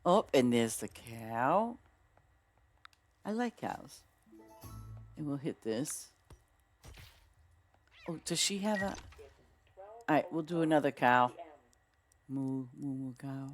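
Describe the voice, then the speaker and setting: Female gaming streamer, easygoing unhurried delivery, excitable exclamations, chats to her viewers while she plays. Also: sits low, a little hiss or hum. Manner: excitable, chatty, exclaims often and talks to viewers. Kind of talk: casual gameplay commentary.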